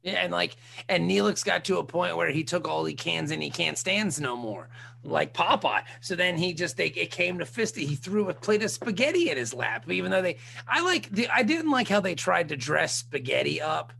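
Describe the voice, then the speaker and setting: A man co-hosting a casual podcast chat, joking and animated, dropping the odd swear word. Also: high-pitched, moderate pace, vocal fry, a little hiss or hum. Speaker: podcast co-host.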